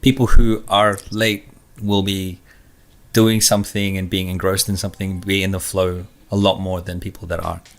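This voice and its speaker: A man co-hosting a casual podcast, sharing anecdotes and ideas in a reflective, unhurried way. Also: sits low, little pitch movement. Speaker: podcast co-host.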